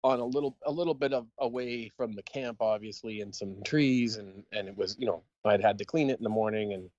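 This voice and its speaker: A man's voice: lowish voice, brisk, darkish tone, dull audio. A man, a podcast co-host, telling a long, rambling story in casual chat and laughing as he goes. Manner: rambling anecdote, laughing often.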